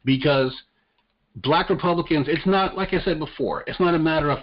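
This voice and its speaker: A man's voice: a little high, brisk. Blunt, profane man on muffled audio. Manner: blunt, profane, stammers on restarts. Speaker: podcast co-host. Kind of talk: casual political chat.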